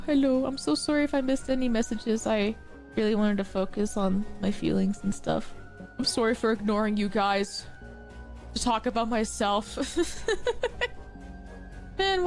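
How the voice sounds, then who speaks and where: Tearful young woman, higher voice. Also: moderate pace, gravelly, faint music behind. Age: 20s. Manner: self-deprecating, jokes and laughs through tears. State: crying. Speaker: livestreamer. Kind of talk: emotional livestream talk to chat.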